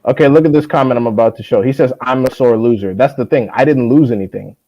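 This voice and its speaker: A man's voice: quick pace, muffled recording. Profane young man ranting on a stream. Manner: profane, mocking, mimics others in high voices. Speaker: boxing stream host. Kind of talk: heated casual live-stream rant.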